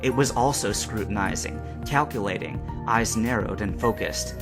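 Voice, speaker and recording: A man narrating a fan-fiction story aloud with expressive storytelling. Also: lowish voice, normal speed, over music.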